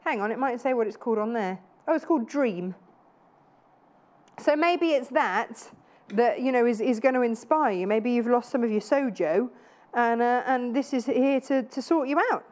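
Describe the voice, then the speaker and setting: In a TV studio, a shopping channel presenter in her thirties gushes chattily over products during a live sale, poking fun at herself along the way. Her voice sits on the high side, slightly mellow, at a normal speed.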